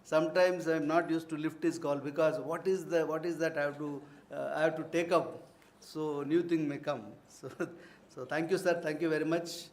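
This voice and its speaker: A man delivers a formal vote of thanks in a university conference hall. His voice sits slightly high. He is earnest and ceremonial, and he breaks off now and then for warm personal asides. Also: steady tone, normal speed. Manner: earnest, formal phrasing broken by warm anecdotes.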